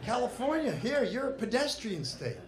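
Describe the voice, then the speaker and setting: Brash high-voiced comedian in a roomy club. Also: male voice, sing-song, moderate pace. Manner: brash, punchy delivery with crude jokes and character voices. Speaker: stand-up comedian. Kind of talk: stand-up comedy set. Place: comedy club stage before a laughing audience. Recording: roomy live club recording with audience noise.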